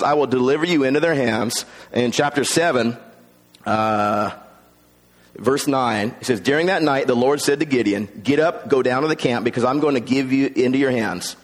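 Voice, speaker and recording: A male pastor preaching a sermon, animated, acting out the voices in the stories he tells. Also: mid-range voice, long reverb tail. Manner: animated, acts out voices in quotes.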